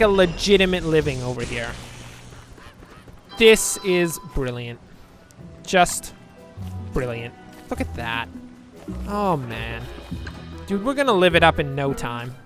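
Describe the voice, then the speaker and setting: A man's voice: a little high, animated, moderate pace, soft background music. A man giving rambling, joking let's-play commentary, chatting to viewers with self-deprecating asides. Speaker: gameplay commentator.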